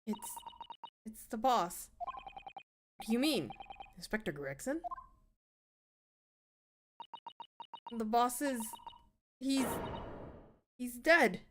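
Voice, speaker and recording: A woman's voice: on the high side, big pitch swings, slow pace, long pauses, noisy background. Cockney girl copper, blunt and slangy, stammering, voiced by a woman. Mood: shaken. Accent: London cockney, put on. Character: young cockney girl police officer, brash and blunt.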